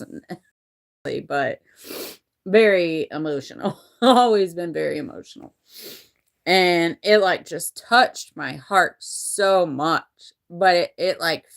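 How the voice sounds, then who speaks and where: A woman's voice: sits low, smooth. A woman in her forties telling a personal story in a candid, rambling way, swearing freely. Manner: rambling and candid, with frequent profanity and restarts.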